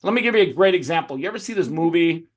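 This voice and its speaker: Host guy going full motivational preacher, a bit high-voiced, cusses a lot. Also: rapid-fire. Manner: animated, preachy motivational talk with swearing. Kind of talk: casual interview talk.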